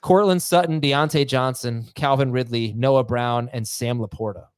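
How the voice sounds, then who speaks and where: A man hosting a casual podcast chat, reading listener emails aloud and talking in quick, halting bursts. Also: mid-range voice, steady tone, clear, resonant tone, no echo, studio quality.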